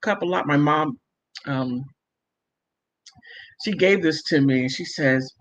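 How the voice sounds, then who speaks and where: A woman's voice: sits low, takes it slowly. A middle-aged woman hosting a casual livestream, chatting emphatically with viewers and laughing often. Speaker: livestream host reading viewer comments. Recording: muffled lo-fi stream audio.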